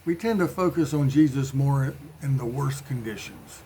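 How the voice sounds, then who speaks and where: A man's voice: mid-range voice, moderate pace, dark tone, a little hiss or hum. A man giving an informal sermon in a conversational way, with playful voiced asides. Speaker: preacher.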